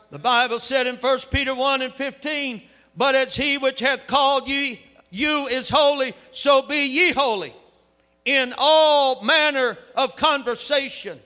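A man preaching a sermon with fervor, his voice building up to shouts. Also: very high voice. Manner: fervent, rising to shouts. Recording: echoey hall with long reverb.

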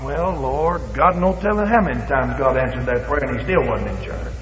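A man's voice: mid-range voice, normal speed, a bit bright, slight background noise. A man preaching a Pentecostal sermon with fervent emphasis, acting out bits of dialogue, in a church or revival hall. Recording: echoey hall, dull lo-fi.

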